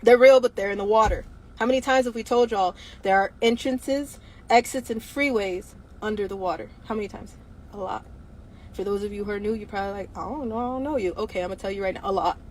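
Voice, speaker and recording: A woman's voice: medium pitch, fairly even intonation, quick pace, a little hiss or hum, low-quality recording. A woman hosting a livestream, talking bluntly and emphatically, firing off repeated rhetorical questions with some profanity. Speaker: livestream host. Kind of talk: impassioned livestream monologue.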